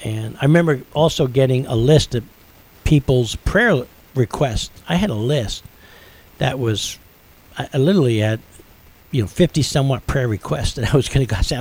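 A man's voice: medium pitch, expressive, fairly quick, a little mellow, low-quality recording. Middle-aged male radio host, earnest storyteller, ordinary mid-range voice. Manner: earnest storytelling, building intensity. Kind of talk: personal testimony on radio.

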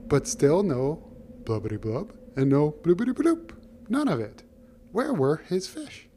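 A man's voice: medium pitch, very animated, measured pace, pauses often, darkish tone, a little hiss or hum. Playful man telling a bedtime story. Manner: playful, slips into silly voices for each character.

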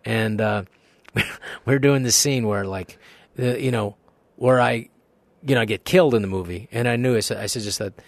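A man's voice: fairly low pitch, normal speed, few pauses, dry recording. A male guest actor telling a story casually on a podcast, acting out other people's lines. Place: podcast studio.

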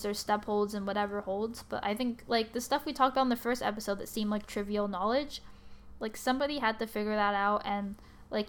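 A tired young woman hosting a casual solo podcast, rambling with many fillers and restarts, apologizing and laughing at herself. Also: mid-range voice. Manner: rambling, lots of likes and restarts, quick to apologize. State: sleepy and tired. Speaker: podcast host.

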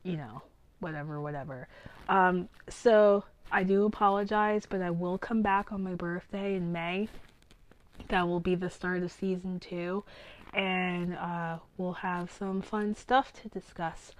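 A woman speaks in a lowish, husky voice that is worn down by illness and close to giving out. She chats casually as a podcast host and says um often. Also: little pitch movement, slow, rough recording. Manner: chatty, with frequent ums. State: sick, losing her voice.

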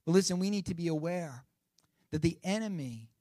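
Male pastor, high voice, dry close recording; preacherly, emphatic sermon delivery. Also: expressive, brisk, mellow, no room sound. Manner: preacherly, rising and falling emphasis, calls to congregation.

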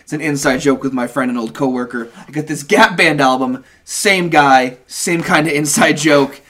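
A man's voice: on the high side, normal speed, a bit bright. A young man telling a rambling, profane story on a casual podcast. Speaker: podcast co-host.

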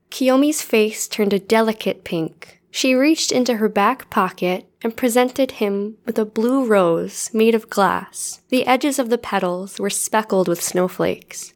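A woman's voice: medium pitch, measured pace, hardly any pauses. A woman podcast co-host reading fan fiction aloud in a cheerful way. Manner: cheerful, giggly.

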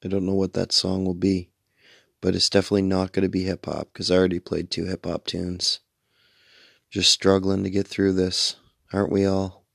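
Deep, gravelly, tired male radio host. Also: monotone, normal speed, no room sound, studio quality. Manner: tired, meandering, swears casually. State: sleepy, yawning. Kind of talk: late-night rambling radio monologue.

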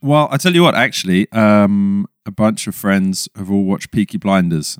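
A young man from England, chatting casually as a podcast guest, self-deprecating and quick to laugh. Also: lowish voice, clear, resonant tone, no room sound, clean studio sound. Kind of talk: casual chat.

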